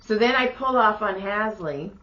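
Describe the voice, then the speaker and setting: A woman in her thirties co-hosting a podcast, telling stories in a lively, profane way and acting out the people she quotes. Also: mid-range voice, normal speed, muffled recording. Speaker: podcast co-host. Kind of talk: casual storytelling chat.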